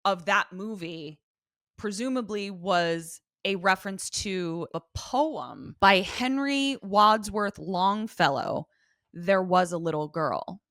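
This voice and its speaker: Bright-voiced, playful woman co-host. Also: mid-range voice, slow, no echo, clean studio sound. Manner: playful, blunt, swears casually. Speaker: podcast co-host. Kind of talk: casual podcast chat.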